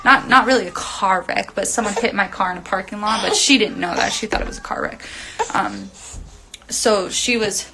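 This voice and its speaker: A woman's voice: mid-range voice, moderate pace, gravelly, background noise. A young woman telling a long story on a phone livestream, rambling with lots of fillers and casual swearing. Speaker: reality TV personality on a livestream.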